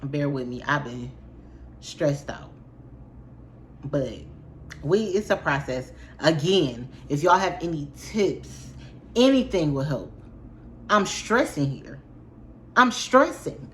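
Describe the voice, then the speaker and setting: A woman's voice: deep voice, lively intonation, takes it slowly, long pauses, fairly bright tone. A young woman in her twenties, chatting casually and expressively to her viewers in a storytime vlog, full of slang. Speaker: vlogger. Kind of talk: casual storytime chat to camera.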